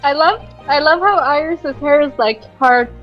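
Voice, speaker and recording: Chatty high-voiced girl on a stream, little music behind. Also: moderate pace, highs cut off. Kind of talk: casual chat on a game stream.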